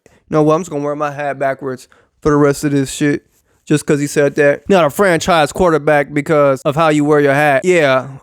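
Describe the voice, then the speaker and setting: A man's voice: a little high, steady tone, a little fast, clean tone, no echo, clean studio sound. A young adult man ranting about sports as a YouTube commentator, casual, sarcastic and profane, repeating phrases for emphasis.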